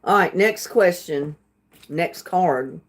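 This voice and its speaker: A woman's voice: fairly low pitch, takes it slowly. A woman hosting a casual trivia livestream, reading questions aloud and chatting with viewers, laughing often and stumbling over words. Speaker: livestream host.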